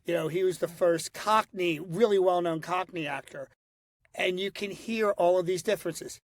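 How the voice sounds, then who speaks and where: A man's voice: sits high, no echo, clean studio sound. A middle-aged man from Philadelphia with a nasal Northeast accent, chatting animatedly in an interview, with lots of restarts. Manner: animated, slips into quick voices and quotes, many restarts. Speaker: guest, voice impressionist. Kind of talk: casual interview talk.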